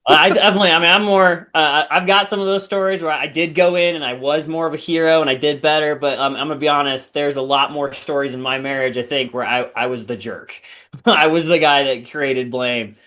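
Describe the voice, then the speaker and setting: Agreeable host man, higher voice. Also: fairly even intonation, fairly quick, pushed and bright. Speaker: podcast host. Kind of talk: casual chat.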